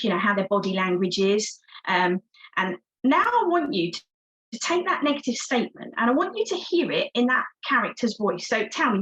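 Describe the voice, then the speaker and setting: A woman's voice: fairly high pitch, fairly bright tone, low-quality recording. A woman, a success coach giving an encouraging, interactive online workshop talk over a video call. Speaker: success coach, guest speaker.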